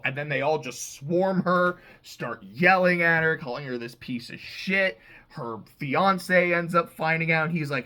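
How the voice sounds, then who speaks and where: On the high side and sharp in tone, this man's voice moves at a normal pace as he reviews TV episodes. He keeps it loose and profane, with "like" scattered everywhere.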